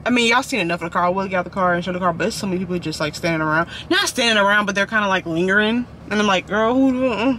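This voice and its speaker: A man's voice: high voice, racing, few pauses, pushed and bright, a little hiss or hum. A man vlogging from inside a parked car, rambling and apologizing as he chats. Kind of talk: casual chat.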